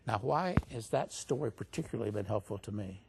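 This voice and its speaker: A man's voice: fairly low pitch, lively intonation, brisk, vocal fry, background noise. A man as an interview guest, telling a story in a casual way and lifting his voice when he quotes other people. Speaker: interview guest recounting stories.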